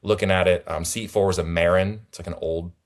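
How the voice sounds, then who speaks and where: A young man with a very low, deep voice tells his tournament story in a loose, rambling way. He jumps between thoughts and restarts his sentences, animated and conversational. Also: a little fast, slight background noise. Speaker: tournament player guest. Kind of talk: casual conversational recap.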